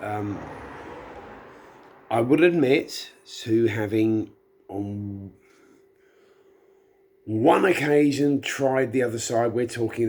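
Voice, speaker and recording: A middle-aged man, tipsy, rambling chattily and self-deprecatingly in a casual monologue. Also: on the low side. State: tipsy from drinking. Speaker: vlogger.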